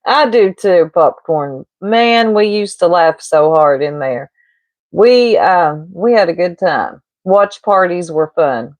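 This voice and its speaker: A woman streamer chats casually and unhurriedly with her viewers, gossiping, rambling from one thread to the next and breaking into laughs. Her voice sits at an ordinary mid pitch and sounds dry and close to the mic. It comes across as a relaxed home streaming setup. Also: slow, no room sound. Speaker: livestreamer. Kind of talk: casual livestream chat.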